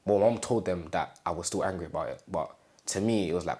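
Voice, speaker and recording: Young man, deep voice, halting and repetitive, relaxed personal storytelling for an interview. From England. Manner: halting, repeats phrases, acts out quoted family speech.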